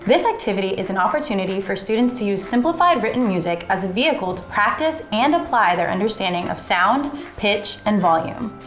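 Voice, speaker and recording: A woman walks through a classroom lesson in a clear, methodical teaching voice of middle pitch. Her voice rings a little in an echoey room. Faint music plays behind her. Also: lively intonation, brisk. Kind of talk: instructional lesson narration.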